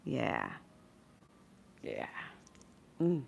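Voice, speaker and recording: A woman's voice: a bass voice, wildly swooping pitch, very slow, gravelly, highs cut off, slight background noise. A woman chatting casually on a livestream from a hospital room, reading viewer comments and laughing often. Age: adult with a son. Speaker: astrology livestream host.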